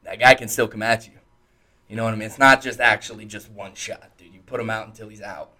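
A man's voice: fairly low pitch, fairly even intonation, fast, bright, forceful tone. A young man co-hosting a podcast in casual chat, laid-back and profane, dropping "dude" and "like" often. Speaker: podcast co-host.

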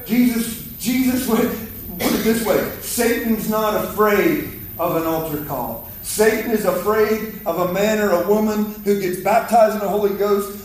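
A man preaching a fiery sermon in a church, exhorting the congregation and calling for their response. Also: high voice. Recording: echoey hall, mic from far off.

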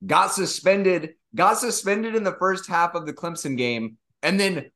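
A man's voice: high voice, measured pace, bright, forceful tone. A man co-hosting a podcast, telling rambling, profane sports stories and acting out quotes. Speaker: podcast co-host. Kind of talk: casual sports chat.

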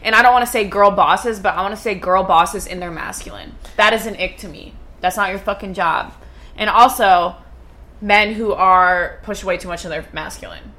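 Young woman ranting about pet peeves, bright forceful voice, swears a lot. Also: medium pitch, moderate pace. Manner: blunt, sweary, opinionated. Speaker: podcast co-host. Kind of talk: casual chat.

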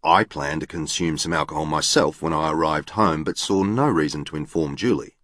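A man's voice: rumbling low, brisk, a bit bright, dry recording, studio quality. A man narrating an audiobook in a formal, literal, precise manner. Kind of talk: scripted narration.

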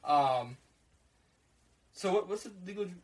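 A man's voice: high-pitched, animated, measured pace, poor audio. A young man from co-hosting a podcast, telling a story in casual chat, acting out the quotes and swearing freely.

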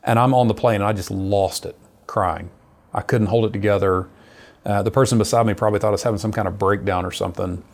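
A middle-aged man with a gravelly, fry-edged voice that sits on the low side. He recounts his calling as a missionary in an earnest, lively storytelling manner. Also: fast. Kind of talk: personal testimony in conversation.

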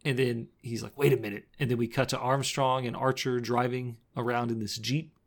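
Podcast co-host, male, mid pitch, giggly, narrates a film recap with quick character impressions. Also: flat delivery. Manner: laughs often, recounts scenes with quick impressions. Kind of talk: casual movie recap chat.

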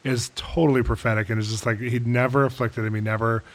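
Podcast host guy, mid pitch, tells stories all excited. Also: fast. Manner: animated storyteller, swells with enthusiasm. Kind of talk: conversational podcast interview.

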